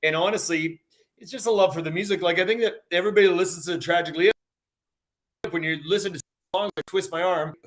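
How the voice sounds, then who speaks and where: Laid-back Western Canadian singer. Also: male voice, high-pitched, a little fast, a bit bright. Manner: easygoing storyteller, laid-back, says man and dude. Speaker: guest singer. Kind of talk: casual interview chat.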